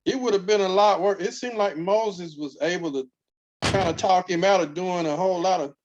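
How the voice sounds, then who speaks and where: A man in a church Bible study who talks in a casual, folksy way, with halting phrases and laughs between them. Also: high voice, muffled recording, noisy background.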